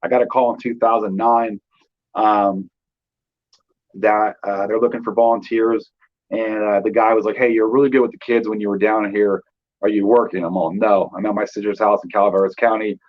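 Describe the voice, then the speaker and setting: Man in his 30s, low monotone voice, casual talk full of fillers, dull lo-fi recording. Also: moderate pace. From Northern California. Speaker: guest. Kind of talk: telling his life story.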